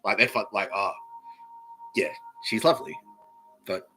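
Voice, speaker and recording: Swearing, bright-voiced Australian comedy podcaster. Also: male voice, on the low side, unhurried, faint music behind, rough recording. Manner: swears a lot, laughs at own jokes. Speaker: podcast host. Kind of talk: rambling comedic monologue.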